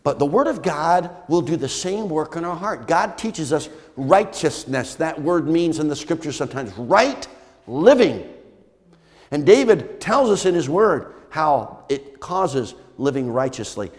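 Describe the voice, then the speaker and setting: A man's voice: on the high side, big pitch swings, a little slow. A man preaching a sermon as pastor, emphatic and repetitive, firing rhetorical questions at the congregation. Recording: long church hall reverb.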